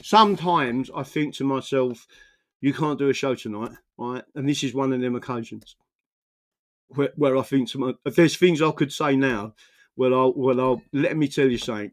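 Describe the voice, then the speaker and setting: A man from England, delivering an angry, profanity-filled political rant full of stammering restarts. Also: on the high side. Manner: furious, swearing, stammering restarts. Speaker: political commentator.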